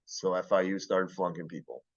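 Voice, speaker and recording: A man's voice: sits low, normal speed, lo-fi sound. A man giving a casual classroom lecture, blunt and profane, who keeps checking whether the class understands.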